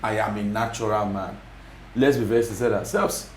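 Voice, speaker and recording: A man's voice: on the low side, fairly even intonation, normal speed, echoey room, slight background noise. A man with a Nigerian Yoruba accent, speaking as a guest commentator in a TV studio interview, emphatic and repeating his points. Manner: emphatic, repetitive, mixes in Yoruba phrases.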